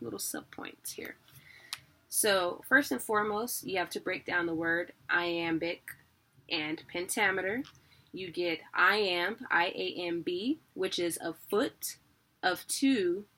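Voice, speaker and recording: A woman's voice: lowish voice, fairly bright tone. A young woman giving a casual, chatty video lesson on poetry rhythm, laughing at herself and checking that viewers keep up. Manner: chatty, self-deprecating, laughs often. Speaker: online teacher.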